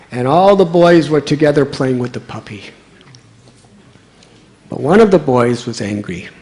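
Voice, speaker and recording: A man giving a storytelling sermon as a monk, speaking gently with chuckling asides. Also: medium pitch.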